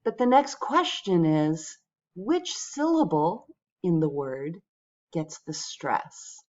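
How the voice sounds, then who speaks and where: A woman teaching English pronunciation, speaking patiently and clearly to her viewers. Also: fairly low pitch, sing-song, slow pace, darkish tone, highs cut off. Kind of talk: pronunciation lesson.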